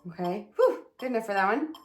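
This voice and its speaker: A woman talks through a viola lesson in a relaxed, chatty way, counting beats and humming rhythms between passages. Her voice sits in a middle range and rings in a roomy, echoey space. Clear viola playing and a ticking metronome are heard behind her. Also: mid-range voice, measured pace, faint music behind. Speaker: viola teacher. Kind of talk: casual music lesson while playing. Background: her own viola playing and a metronome.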